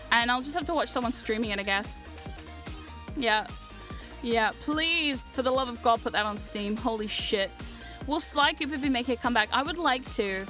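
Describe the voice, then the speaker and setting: A woman's voice: a little high, bright, forceful tone. A young woman streamer chatting casually and animatedly, reading chat aloud and swearing freely. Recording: faint music behind.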